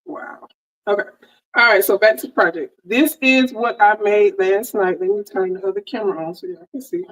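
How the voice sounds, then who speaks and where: A woman's voice: mid-range voice, moderate pace, fairly bright tone, low-quality recording. A woman hosting a casual sewing livestream, chatty and friendly, greeting viewers by name, on a headset mic. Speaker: livestream host, sewing crafter. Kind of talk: casual live-stream chat greeting viewers.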